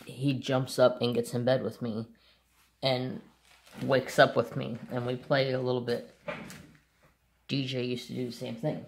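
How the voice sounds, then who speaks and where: A man talking casually to his channel viewers in slow, unhurried speech. His voice has a gravelly, creaky texture at a middle pitch. He rambles loosely from one thought to the next. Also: level tone, a little hiss or hum. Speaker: crafts channel host. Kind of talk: casual chat.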